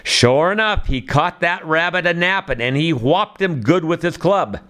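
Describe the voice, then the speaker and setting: A man's voice: on the high side, expressive, normal speed, fairly bright tone. A man narrating a storybook in a folksy dialect manner.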